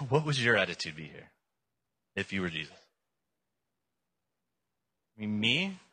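A man preaching a casual, irreverent sermon, telling the story in plain, loose words. His voice is very bright and tense, with a husky grain. His pitch jumps around in a lively way. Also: unhurried.

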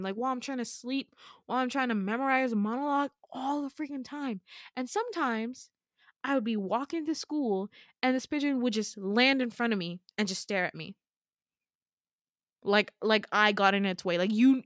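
A woman's voice: a little high, no echo. Chatty woman storyteller, dry sound. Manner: chatty, profane, animated retelling. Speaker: podcast host. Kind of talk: casual storytelling.

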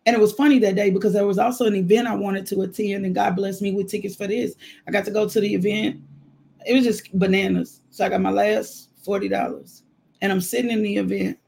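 A man delivers a devotional like a conversation over coffee. His voice sits high, with a husky, gravelly texture. He moves between preaching and personal testimony, often breaking into laughter. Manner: animated storytelling testimony, frequent laughter. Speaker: minister.

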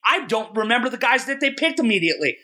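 A young man co-hosting a podcast, telling a long rambling story in a self-mocking, excitable way. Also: extremely high pitch, fast. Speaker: podcast co-host. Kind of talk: casual storytelling chat.

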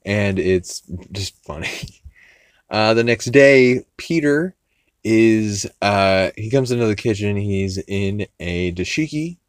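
A man's voice: fairly low pitch, expressive, slow, clear, resonant tone, no echo. A man hosting a podcast, casually recapping an episode in a rambling, profane way with many fillers and restarts. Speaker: podcast host.

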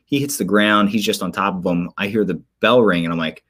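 A man co-hosting a podcast, chatting casually about sports with animated storytelling and quick asides. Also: on the low side. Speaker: podcast co-host.

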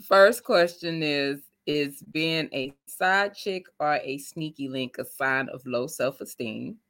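A woman co-hosting a casual chat, teasing with quick interjections and pointed questions. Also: low voice, fairly bright tone. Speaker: podcast co-host.

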